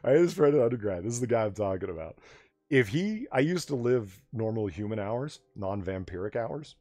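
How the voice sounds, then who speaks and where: A man's voice: lowish voice, big pitch swings, a little fast, dark tone, no echo, faint music behind. A man hosting a late-night livestream chat, loose and rambling, laughing often as he tells stories and reads chat. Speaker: livestream host.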